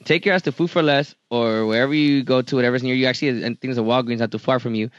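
A man's voice: medium pitch, steady tone, fast, no room sound. Slangy guy on a podcast, loose and cussing, dry muffled mic. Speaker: podcast co-host. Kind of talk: casual chat.

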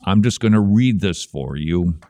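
Sarcastic, animated male host. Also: deep voice, normal speed, no echo. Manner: sarcastic, mocking. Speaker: podcast host. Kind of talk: comedic commentary.

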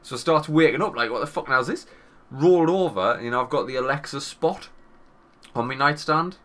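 A man in his thirties with a Northern English accent, co-hosting a podcast and telling a swearing, animated anecdote with quoted voices. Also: medium pitch, brisk. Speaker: podcast co-host. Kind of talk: casual storytelling chat.

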